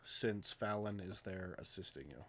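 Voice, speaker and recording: A man acting as game master in a live tabletop game, talking in a relaxed way with hesitant fillers. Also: sits low, a little slow.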